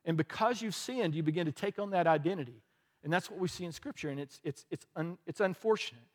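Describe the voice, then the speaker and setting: A middle-aged man preaching a sermon, telling stories and moving from lively to quiet and earnest. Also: a little high, fast. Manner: storytelling, shifts from animated to quiet and earnest. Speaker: pastor. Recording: long hall reverb.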